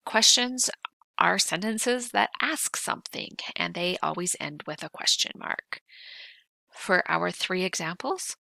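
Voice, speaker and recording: Gravelly bright-voiced woman teaching. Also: lowish voice, lively intonation, no echo. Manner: clear, patient explaining with slow emphasis. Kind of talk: video grammar lesson.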